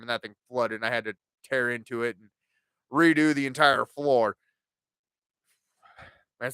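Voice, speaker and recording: A man's voice: high-pitched, a bit bright, smooth, dry recording. A man in his forties hosting a podcast, telling stories in a casual, profane, ranting way. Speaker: podcast host.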